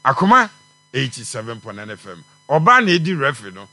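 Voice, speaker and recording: A man with a Ghanaian accent hosting a radio sports call-in show, reading out announcements in a brisk announcer manner. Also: medium pitch, big pitch swings, over loud music.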